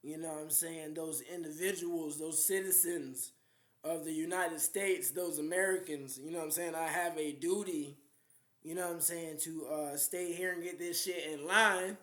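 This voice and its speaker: A man's voice: fairly high pitch, fairly even intonation, moderate pace, fairly bright tone, echoey room. A young man delivering a rambling, defiant monologue as a self-styled spiritual leader, repeating phrases and dragging some words out for emphasis.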